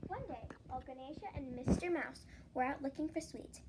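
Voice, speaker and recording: A woman reading a children's storybook aloud in a soft, gentle, sing-song way. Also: sits high, a little fast, noisy background. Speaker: story reader.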